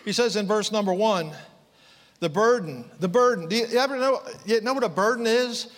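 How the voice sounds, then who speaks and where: A man preaching with fervent conviction, his high voice climbing into impassioned outbursts before sinking to hushed, low asides. The sound carries the long reverb of a large hall. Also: a little fast. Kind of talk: sermon.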